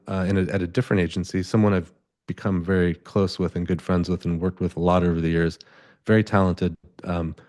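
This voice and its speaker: A man's voice: deep voice, darkish tone. A man, a photographer, talking as an interview guest, telling stories in a loose, rambling way and acting out quoted dialogue. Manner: rambling, many restarts, acts out quoted dialogue. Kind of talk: conversational storytelling. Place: event space stage.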